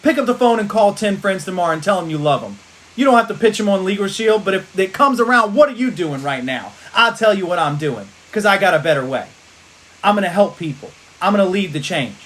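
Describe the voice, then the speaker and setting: Speaking briskly in a high-pitched voice, a man rallies his team over a livestream with an energetic motivational speech. He repeats his rallying lines in a preacher-like way.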